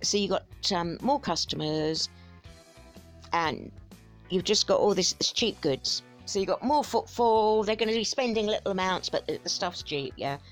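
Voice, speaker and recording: A woman's voice: mid-range voice, animated, moderate pace, soft background music. A woman giving sarcastic, exasperated commentary on a video she is watching, chatty and scornful.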